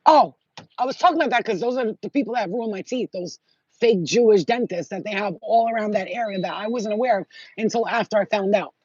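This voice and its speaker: A woman's voice: mid-range voice, a little fast, darkish tone, slightly rough, no echo. A woman vlogger talking in a blunt, profane, rambling casual monologue. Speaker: spiritual vlogger. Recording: dull lo-fi audio.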